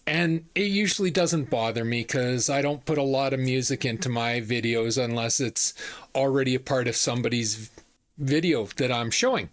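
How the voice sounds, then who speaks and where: A man's voice: medium pitch, normal speed. A man in his fifties telling a story to camera in a chatty, casual way, often repeating himself and using fillers. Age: 50s. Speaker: vlog host.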